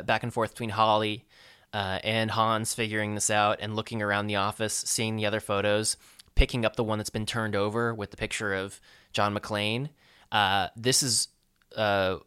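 Recapping a movie on a podcast, this man stumbles through in a casual, filler-heavy way full of ums and uhs. His voice is on the low side, smooth, and a bit bright. The recording is dry and studio quality.

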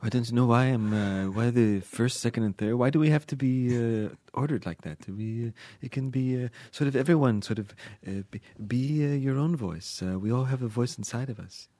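A man's voice: medium pitch, normal speed, mellow, dry recording, lightly acted. A man voicing a rambling, self-absorbed existential French woman who drifts into philosophical musings. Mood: dreamy.

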